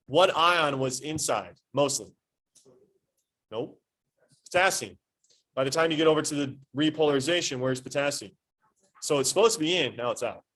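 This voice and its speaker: A man teaching an anatomy class, quizzing students with quick questions and playful sports analogies. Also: fairly high pitch, a bit bright. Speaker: high school anatomy teacher.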